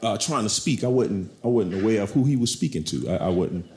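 A middle-aged man doing stand-up, telling animated stories about his kids and acting them out in high voices. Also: fairly quick. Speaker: stand-up comedian. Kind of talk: stand-up comedy routine. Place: comedy club stage. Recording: echoey club with loud crowd noise.

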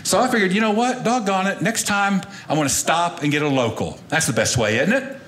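A man doing stand-up with a fairly high, folksy voice and an animated storytelling manner. Faint noise sits under the live recording. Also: a little fast. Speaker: stand-up comedian. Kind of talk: stand-up comedy routine.

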